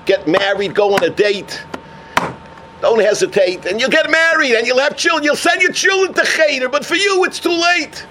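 An exasperated older father brushes off his son with a rhyming, scolding singsong, as a man acts him out. His voice is high and bright. He sounds impatient and dismissive. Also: animated, moderate pace, a little hiss or hum, full character voice, low-quality recording.

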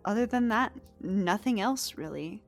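A woman's voice: medium pitch, animated, a little slow, soft background music. A woman narrating as game master, describing scenes in a playful way with lots of fillers.

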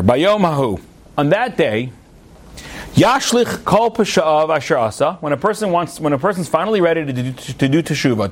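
A man with a very high voice gives an animated class on Jewish texts. He reads each Hebrew verse, translates it line by line and keeps it light with jokes and rhetorical questions. His pitch swings widely. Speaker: rabbi teaching a class. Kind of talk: animated Torah class with humor.

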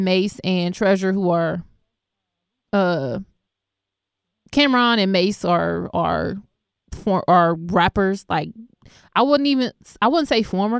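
A young woman hosts a talk radio show and reads the news in a loose, laughing, conversational way. Her voice is smooth and clear. The studio sound is dry and close. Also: mid-range voice, dry recording. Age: young adult. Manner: laughing, chatty, affectionate and conversational.

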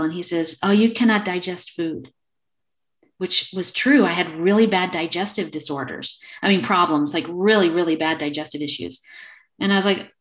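A woman in her fifties speaks as a podcast guest over a remote call. Her voice sits a little low, and she tells her story conversationally, slipping into lively voices for the people she quotes. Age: 50s. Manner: animated, acts out quoted dialogue.

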